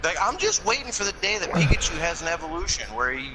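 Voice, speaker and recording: A man casually telling crude jokes to friends over voice chat, loud and full of swearing. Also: on the high side, big pitch swings, quick pace, noisy background.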